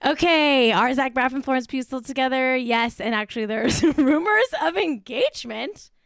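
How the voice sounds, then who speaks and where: A woman hosting a casual podcast, ranting in a profane, excitable and mock-outraged way. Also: high voice, normal speed, vocal fry, faint music behind. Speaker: podcast host.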